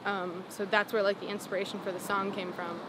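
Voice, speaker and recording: A woman's voice: medium pitch, level tone, brisk. A singer in her twenties telling a story in a casual interview outdoors, with lots of "like" fillers and frequent laughs. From Los Angeles. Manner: chatty, many "like" fillers, laughs often. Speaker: singer-songwriter guest. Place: outdoors on a city sidewalk. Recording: street noise behind.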